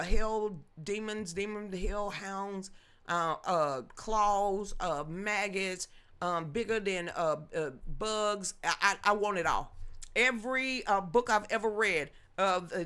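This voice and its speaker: A woman's voice: mid-range voice, fairly bright tone, clear, resonant tone. Emphatic grandmother hosting a commentary stream. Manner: emphatic, rambling, talks back to chat. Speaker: news commentary host. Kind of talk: livestream commentary reading chat.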